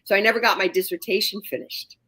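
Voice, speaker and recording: A woman in her sixties, a psychotherapist guest on a talk show, explaining her career in a measured way. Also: medium pitch, fairly even intonation, pushed and bright, husky. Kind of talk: interview answers.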